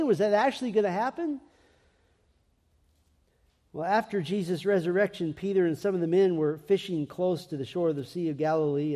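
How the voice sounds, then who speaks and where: A man preaching a sermon in an earnest voice that swings between emphatic and hushed. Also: high voice, long reverb tail.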